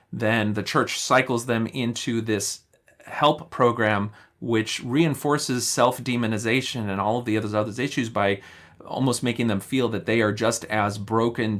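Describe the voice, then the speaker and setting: Measured man with a lowish voice. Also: fairly bright tone. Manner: measured, analytical, clinical wording. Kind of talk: explanatory commentary.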